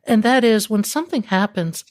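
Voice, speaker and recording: A woman's voice: medium pitch, expressive, moderate pace. Thoughtful woman hosting a podcast. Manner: thoughtful, summarizing. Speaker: podcast host. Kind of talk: conversational podcast interview.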